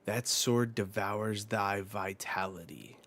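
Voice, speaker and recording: A man voicing a menacing ancient ruler who speaks in slow, solemn, old-fashioned diction. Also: fairly low pitch, fairly bright tone.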